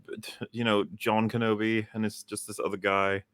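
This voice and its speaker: A man with a low voice co-hosts a casual chat. He is blunt, swears often and riffs with energy. The recording is dry with no room sound. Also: moderate pace, smooth, no room sound. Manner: blunt, swearing, animated riffing. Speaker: co-host.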